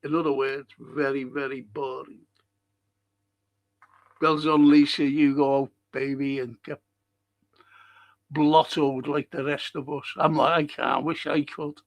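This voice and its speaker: A man's voice: little pitch movement, measured pace, long pauses, lo-fi sound. An older man with a Scouse accent hosting a live-stream podcast, passionately ranting and reading out chat messages. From Liverpool, England. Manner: passionate, ranting, swinging between loud outbursts and low muttering.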